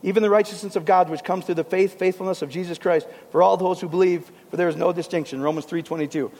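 A man preaching a sermon to a congregation, in a conversational, animated way with casual asides. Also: high voice, fast, long reverb tail.

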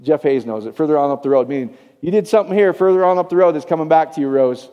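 A man's voice: fairly high pitch, fast talker, clear, resonant tone, dull audio. A man preaching a casual, conversational sermon as a pastor, often checking in with his audience. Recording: echoey hall, long reverb.

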